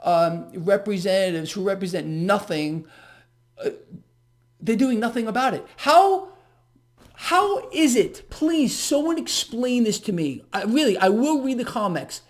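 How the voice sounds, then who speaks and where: A man's voice: high voice, animated, normal speed. A man hosting a solo market commentary, ranting in an agitated, sarcastic, mocking way.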